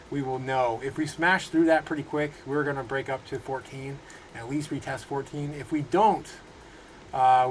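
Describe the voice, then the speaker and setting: A man in his thirties hosting a casual crypto livestream from his home, rambling through viewer comments with halting restarts and frequent laughs. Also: mid-range voice, slight background noise, low-quality recording. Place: home room.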